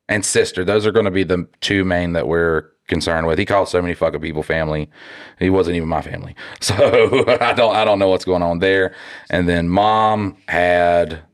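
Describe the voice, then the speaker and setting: Deep guy on a podcast, blunt, cussing, rambling. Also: clear, resonant tone. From North Carolina. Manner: blunt and profane, rambling with restarts. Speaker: podcast co-host. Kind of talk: casual podcast chat.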